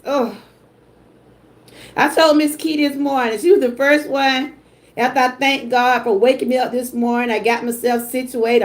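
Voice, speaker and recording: An older woman with a drawl chats on her livestream, greeting viewers and thanking supporters. Her voice sits high, and she talks slowly and emotionally. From Georgia, US. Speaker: YouTube live streamer. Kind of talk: casual livestream chat.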